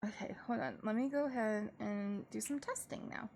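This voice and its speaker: A woman's voice: mid-range voice, moderate pace, vocal fry, darkish tone. A woman VTuber chatting casually with her live-stream viewers, giggly and drawn out.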